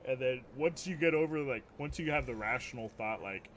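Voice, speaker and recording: A man's voice: mid-range voice, fairly quick. A young man on a stream, telling stories in a loose, profane way, full of "like" and "dude". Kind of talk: casual storytelling chat. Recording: loud vehicle and ambient noise behind.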